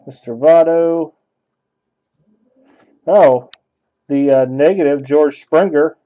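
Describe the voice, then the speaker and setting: Opening packs during a card break, a man keeps up a casual, offhand commentary, thinking out loud as he goes. He speaks slowly in a fairly high voice, and the audio is lo-fi.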